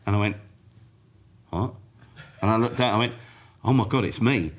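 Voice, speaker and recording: A man's voice: fairly low pitch, moderate pace, a crowd in the background. A man telling a story in casual chat, laughing often and acting out the back-and-forth. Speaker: podcast guest.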